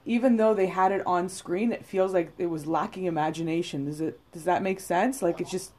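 A woman's voice: on the low side, fairly quick, darkish tone. Rambling, blunt woman. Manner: rambling, blunt and profane, heavy on "like" and "you know". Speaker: podcast co-host. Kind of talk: casual chat.

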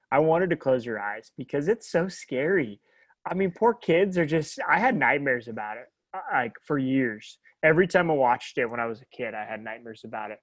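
A man in his thirties co-hosting a podcast, talking in a rambling, animated way and laughing often. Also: mid-range voice, dry recording. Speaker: podcast co-host. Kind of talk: casual chat.

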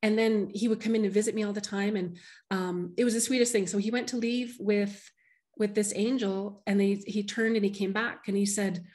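A woman's voice: medium pitch, steady tone, moderate pace, darkish tone. A middle-aged woman, a medium, shares a personal story in an interview. She speaks with heartfelt emotion and keeps restarting her sentences as she goes.

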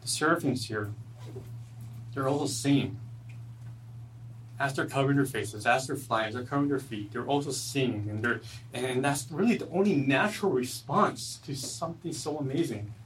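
A man preaching a sermon at a church service, earnest, swinging from loud emphatic lines to low quiet ones. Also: normal speed, recorded from a distance, a little hiss or hum, low-quality recording. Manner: earnest, rises loud then drops low and soft. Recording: voice from away from the mic.

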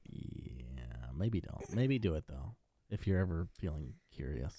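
A man's voice: rumbling low, big pitch swings, a little slow, warm tone, husky, no echo. A man hosting a casual podcast, joking and rambling and swearing freely as he chats with his co-host.

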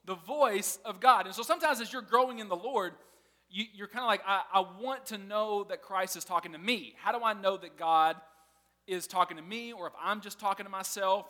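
A man's voice: high voice, bright, forceful tone, in a large hall. A man preaching a sermon in a casual, conversational way, often laughing as he teaches. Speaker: pastor.

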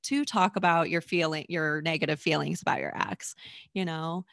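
A woman's voice: deep voice, steady tone, normal speed, vocal fry, fairly bright tone, no room sound, clean studio sound. A woman therapist speaking as a podcast guest, earnest and reassuring in casual conversation.

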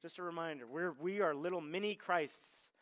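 A man's voice: on the high side, moderate pace, a bit bright. A man preaching a sermon as pastor, in a loose conversational way, often checking in with "right?" and acting out the voices in the passages he reads. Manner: conversational, tags lines with "right?", acts out quoted voices.

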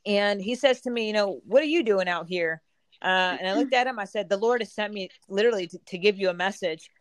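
A woman's voice: medium pitch, a little fast, no room sound. A woman guest giving an earnest personal testimony in a casual chat. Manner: earnest storytelling, some restarts.

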